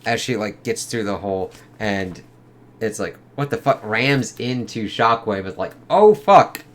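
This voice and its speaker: A man's voice: fairly low pitch, a little slow, a bit bright. A man giving a loose, casual spoken review of a comic book, swearing freely and leaning on fillers. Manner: loose and profane, lots of fillers.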